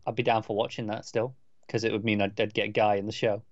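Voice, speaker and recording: A man trades wry remarks in a relaxed, easygoing way and cuts in now and then to set the record straight. His mic sounds a little dull and lo-fi, but dry, with no room echo. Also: on the low side, quick pace. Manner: relaxed, wry, chimes in with corrections. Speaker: podcast co-host. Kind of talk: casual chat.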